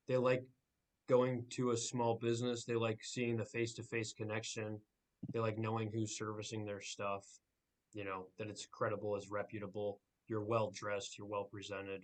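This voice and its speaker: A man's voice: on the low side, level tone, normal speed. A man in his twenties, a small business owner, talking in loose rambling sentences and agreeing with the host. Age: 20s. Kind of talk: casual chat.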